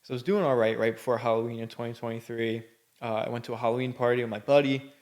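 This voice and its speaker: A man's voice: medium pitch, steady tone, fast, a little mellow. A man hosting a podcast, telling his own story in a candid, blunt, rambling way with plenty of swearing. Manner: loose, rambling delivery full of fillers. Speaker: podcast host. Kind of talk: personal storytelling.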